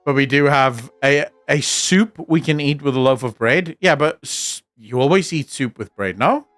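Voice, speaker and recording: A man's voice: mid-range voice, moderate pace, fairly bright tone, dry recording, faint music behind. A young man chatting casually on his stream, rambling and swearing freely. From South Africa. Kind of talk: casual chat reacting on stream.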